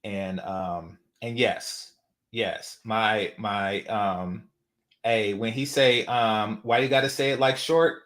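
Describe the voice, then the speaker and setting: Speaking slowly and steadily in a lowish, slightly bright voice, a Bay Area commentary channel host gives a casual, profane monologue. He mocks things and repeats phrases for effect.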